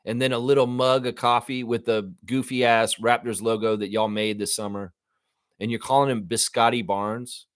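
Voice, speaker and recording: A man of middle pitch rants on his live fan show, profane and exasperated, firing off one outburst after another. He sits close to the mic in a dry, unechoing room. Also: level tone, normal speed, smooth, no echo. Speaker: sports show host.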